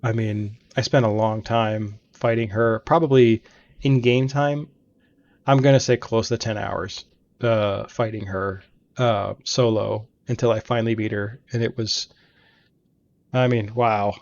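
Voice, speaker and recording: A man's voice: lowish voice, steady tone, measured pace, darkish tone, dull audio. Rambling man telling gaming stories. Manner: rambling, chatty storytelling. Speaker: let's play host. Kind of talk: casual gaming commentary. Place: home gaming room.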